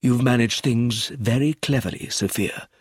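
A man voicing a cold, jealous middle-aged father with a rough, bitter way of speaking in a storybook reading. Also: mid-range voice, normal speed, a little mellow, no echo, studio quality, natural voice.

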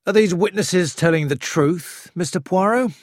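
A reader voices an eager, polite police inspector who speaks up emphatically, pushing his mid-range voice above its natural pitch while staying near an everyday voice. The pace is moderate and the studio-quality recording has no room sound.

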